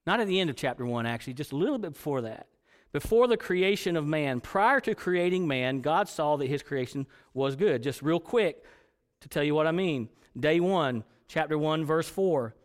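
A man's voice: fairly high pitch, lively intonation, moderate pace. A man preaching a sermon to a congregation, reading scripture and building to emphatic points. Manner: preaching with rising emphatic passages. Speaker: pastor. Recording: long hall reverb.

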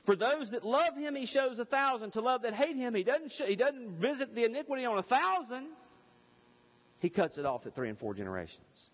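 High-voiced preacher in a reverberant hall. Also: male voice, fairly quick. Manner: expressive preacher, rising and falling emphasis. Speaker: pastor. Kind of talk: sermon with scripture reading. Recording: long reverb in a large hall.

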